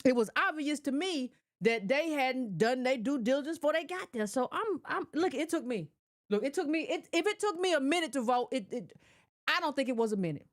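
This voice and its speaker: A woman with a high voice talks straight to her audience in casual commentary. She is emphatic and scolding and hammers her points home with repetition and slang. Her voice sounds dry, with no room echo. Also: expressive, a little fast.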